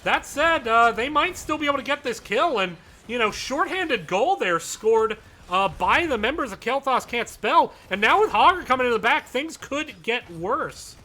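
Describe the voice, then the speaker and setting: A man giving live play-by-play commentary on an esports match, brisk and chatty with playful asides. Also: very high voice, lively intonation, bright, forceful tone. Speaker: esports caster.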